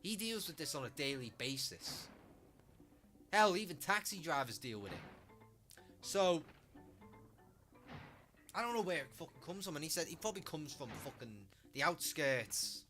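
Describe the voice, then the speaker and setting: A young man from Liverpool, still in his teens, talks with a strong Scouse accent and a bright, forceful edge. He rambles through swear-laden stories in a loose live-stream chat, with faint music under him. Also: a little high, big pitch swings, normal speed, long pauses. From Liverpool, England. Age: late teens.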